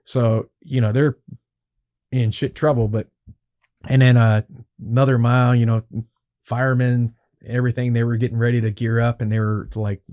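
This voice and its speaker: A man telling a long, animated story as a podcast guest, swearing freely and acting out what people said. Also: medium pitch, moderate pace, long pauses. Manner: animated, profanity-laced, acts out quoted dialogue. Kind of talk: casual storytelling.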